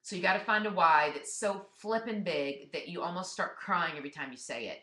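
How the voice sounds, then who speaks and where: A woman's voice: fairly low pitch, a little fast, bright, forceful tone. A woman fitness business coach giving a blunt, emphatic motivational webinar talk. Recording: echoey room.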